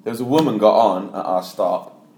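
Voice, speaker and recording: A joking man with a lowish voice co-hosts a casual chat, teasing his friends and retelling stories with quick put-on voices. The room rings with a noticeable echo. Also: warm tone, a little hiss or hum. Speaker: podcast co-host. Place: home studio. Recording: roomy echo.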